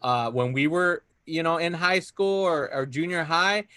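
A man's voice: fairly high pitch, a little slow, sharp tone, smooth, dry recording. A young man telling stories in a casual chat, laid-back and full of fillers. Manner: laid-back storytelling with lots of fillers and Spanish phrases.

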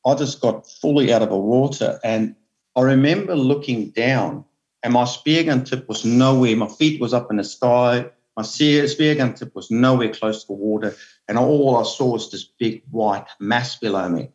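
Man, guest diver, earnest halting storytelling, repeats words, muffled lo-fi sound. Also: medium pitch, darkish tone. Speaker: guest, veteran spearfisherman. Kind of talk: emotional storytelling.

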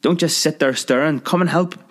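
A man voicing a fussy, bossy older woman in a story reading, pitched high and shrill. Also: fairly quick, fairly bright tone. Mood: frantic.

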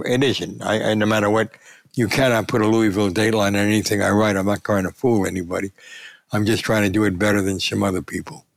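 An older man, a sportswriter, telling lively anecdotes in an interview and acting out the quotes. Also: fairly low pitch, vocal fry, no echo. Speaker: sportswriter and columnist. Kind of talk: storytelling in a conversational interview.

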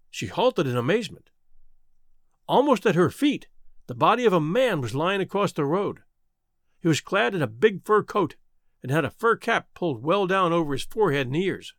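A man narrates a story with an expressive, storytelling cadence. His voice sits high and moves a lot. The sound is dry and close. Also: no room sound. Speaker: audiobook narrator. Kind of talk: scripted narration.

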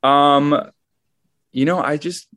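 A man's voice: a little high, steady tone, slow pace, fairly bright tone, slight background noise. A man chatting as a guest on a podcast, in an easygoing, upbeat way. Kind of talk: casual chat.

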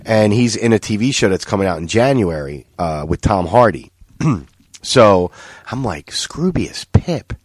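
A man hosting a podcast, chatting casually with profane jokes and quick anecdotes. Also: fairly low pitch, animated, no room sound. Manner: profane, joking, storytelling. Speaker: podcast host. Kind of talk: casual chat.

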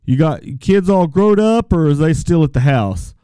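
A man plays a folksy call-in advice host with a put-on Texas drawl. His voice is mellow and smooth, sitting a bit high, recorded close and dry. He stumbles and rambles in an easygoing way. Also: lively intonation, moderate pace, dry recording, close to an everyday voice. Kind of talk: comedic call-in radio sketch.

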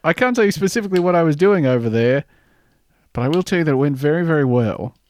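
Man doing smug secret-agent deadpan. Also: a little high, fast talker. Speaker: podcast co-host. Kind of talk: comedic improv.

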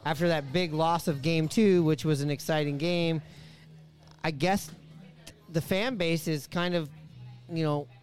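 A man's voice: fairly high pitch, a little slow, long pauses. A man hosting a casual sports podcast, joking around and swearing freely. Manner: excitable, swears freely, jokey. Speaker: podcast host. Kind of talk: casual chat.

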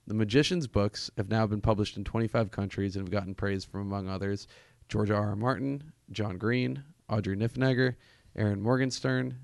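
A man's voice: fairly low pitch, vocal fry, a little mellow, no room sound, clean studio sound. A man hosting a podcast, asking loose, chatty questions with plenty of fillers. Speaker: podcast host. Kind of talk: casual interview conversation.

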